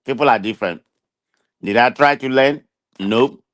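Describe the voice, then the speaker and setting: A man's voice: medium pitch, moderate pace, no echo, studio quality. A man with a thick Nigerian accent and a nasal voice, chatting on a talk show and defending himself with lots of restarts. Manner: defensive, animated, restarts often. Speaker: guest. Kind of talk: casual chat. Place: America.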